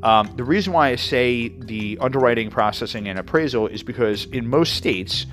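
A man's voice: mid-range voice, lively intonation, moderate pace, a bit bright, soft background music. A man from New York hosting a mortgage show, explaining fees in a casual, conversational way with frequent fillers and asides. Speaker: mortgage podcast host. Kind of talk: casual educational talk.

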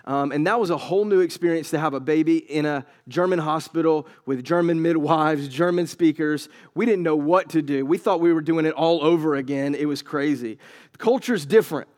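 A male pastor preaching a sermon, moving from relaxed storytelling to emphatic, raised preaching. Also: a little high, fairly quick. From United States.

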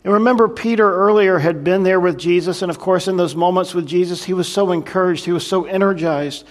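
A pastor with a high voice speaks a little fast while teaching the Bible verse by verse. His sermon feels conversational and reflective, dotted with frequent remarks to the congregation.

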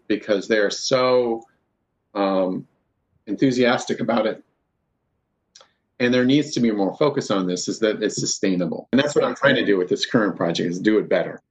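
A man, a university professor, talking candidly and with self-deprecating humor in an interview. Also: fairly low pitch. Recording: dull lo-fi sound.

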